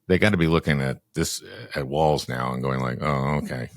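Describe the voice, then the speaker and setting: Podcast guest, man in his 70s, very low dry voice, wry halting delivery with frequent restarts. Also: no room sound. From Minnesota, US. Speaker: podcast guest, former senator and comedian. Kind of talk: casual political chat.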